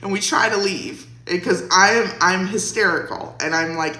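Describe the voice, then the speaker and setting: A woman's voice: fairly low pitch, normal speed, few pauses, sharp tone. A young woman vlogger casually telling a storytime, chatty and laughing, with lots of "like". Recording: roomy echo.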